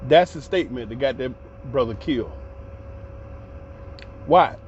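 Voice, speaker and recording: A man's voice: mid-range voice, lively intonation, measured pace, slight background noise. A man giving passionate, profane, heated commentary in a ranting vlog. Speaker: commentary vlogger. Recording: slightly dull lo-fi recording.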